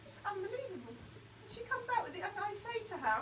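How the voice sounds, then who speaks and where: A woman's voice: very high-pitched, a little fast, reverberant. A woman born near Liverpool, chatting and laughing as she paints in a craft video. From born near Liverpool, England. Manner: chatty, laughing, animated storytelling. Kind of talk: casual chat while painting. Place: indoor craft studio, hot room. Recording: distant mic with noticeable background noise.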